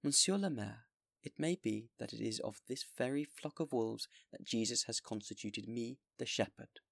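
A man voicing a gentle, resolute old bishop who speaks with mild, patient firmness. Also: mid-range voice, moderate pace, vocal fry, no room sound, studio quality. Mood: calm resolute.

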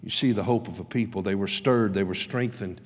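A man's voice: lowish voice, a little fast, breathy edge. Impassioned preacher man in a reverberant hall. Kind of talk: sermon.

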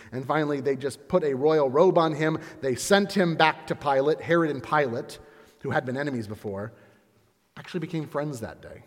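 A man giving a lively, dramatic retelling of a scripture story, with conversational asides. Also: fairly high pitch, in a large hall.

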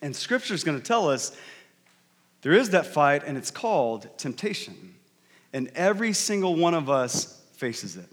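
A man's voice: fairly high pitch, a bit bright, long reverb tail. A male pastor preaching a sermon in a conversational, jokey storytelling way. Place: large church hall.

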